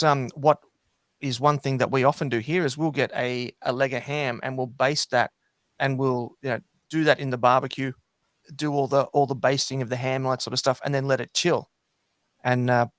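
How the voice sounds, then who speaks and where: A man's voice: mid-range voice, dry recording. A man, a podcast guest chatting casually with many fillers and restarts. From New Zealand. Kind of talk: casual chat.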